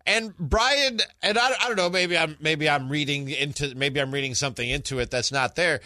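A man's voice: fairly high pitch, normal speed, bright, forceful tone, no echo, studio quality. A man hosting a podcast, talking sports in a casual, conversational way and often restarting his phrases. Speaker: podcast host.

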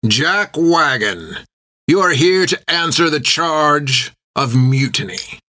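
A man voicing a smug, menacing pirate captain who speaks in a slow, metered, gloating way. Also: fairly high pitch, animated, sharp tone, no echo, clean studio sound, voice pushed up, exaggerated voice. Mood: cold, menacing.

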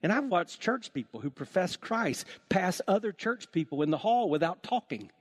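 Man, pastor, sermon, animated storyteller, slightly high voice. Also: normal speed. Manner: animated storytelling, acts out voices with big swings in pitch.

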